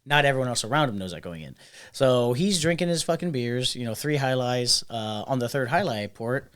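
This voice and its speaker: A man's voice: medium pitch, animated, brisk, fairly bright tone, clean tone. A man co-hosting a podcast, telling stories in loose, profane casual chat and mimicking the people in them. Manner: loose storytelling, swears a lot, mimics people. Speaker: podcast co-host.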